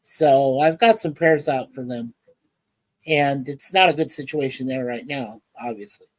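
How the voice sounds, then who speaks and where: A woman hosts a casual livestream from home. She rambles in halting phrases full of fillers and greets chat viewers by name. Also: very deep voice, a little mellow, rough recording. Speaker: livestream host. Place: home in Ontario, Canada.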